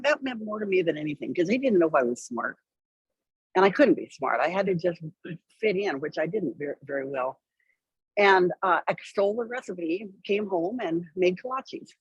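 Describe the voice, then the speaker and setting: A woman guest tells a story with a wry, lively delivery, slipping into the voices of the people she quotes. Her voice is husky and a little breathy. The sound is dry and close, with no room around it. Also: lowish voice, moderate pace, no echo, highs cut off. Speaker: interview guest. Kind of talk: conversational storytelling.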